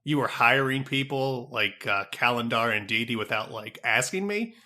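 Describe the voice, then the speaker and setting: A man co-hosting a comedy podcast, playing along in improv with a hesitant, halting way of talking. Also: medium pitch, lively intonation, pushed and bright. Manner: hesitant, full of filler words. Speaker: podcast co-host.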